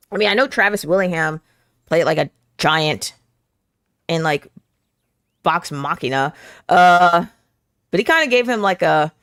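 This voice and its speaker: A woman's voice: lowish voice, a bit bright, no room sound, clean studio sound. A woman streaming a narrative game with casual, chatty, self-deprecating commentary. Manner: chatty and self-deprecating, full of fillers and giggles.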